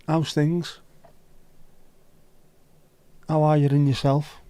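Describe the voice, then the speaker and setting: A man's voice: medium pitch, normal speed, mellow, no room sound. Chatty Scouse man hosting a stream. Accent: Liverpool (Scouse). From Liverpool, England. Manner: chatty, greets viewers by name, banters and grumbles at his setup. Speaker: livestream host. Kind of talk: casual live-stream chat.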